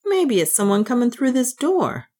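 A woman's voice: mid-range voice, fairly quick, close to an everyday voice. A woman voicing a nervous young male worker in a storybook reading.

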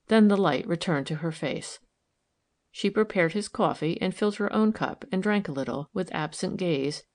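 A woman narrating a novel as an audiobook in a measured, even way. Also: on the low side. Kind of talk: scripted narration.

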